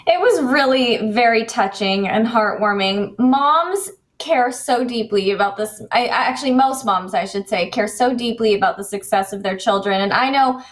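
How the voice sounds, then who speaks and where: A woman co-hosting a sports show, speaking earnestly and warmly in casual chat. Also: a little high, moderate pace. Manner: earnest, heartfelt.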